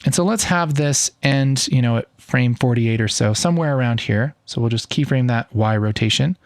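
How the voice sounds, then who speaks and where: Upbeat man teaching software, dry close sound. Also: mid-range voice, normal speed, no room sound. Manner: upbeat, enthusiastic, easygoing. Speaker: video editing tutor. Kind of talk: casual screen-recorded tutorial.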